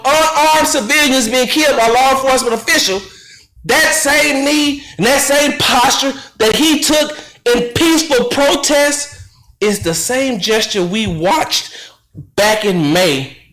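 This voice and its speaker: A man's voice: very high voice, sharp tone, echoey room, rough recording. A male radio host giving an impassioned commentary, fiery and rhetorical, repeating phrases for emphasis. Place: radio studio.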